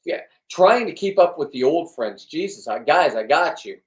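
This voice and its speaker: A man's voice: on the high side, expressive, moderate pace. A middle-aged man in a rambling, blunt vlog monologue, swearing often and restarting his sentences. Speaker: vlogger. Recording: echoey room, distant from the mic.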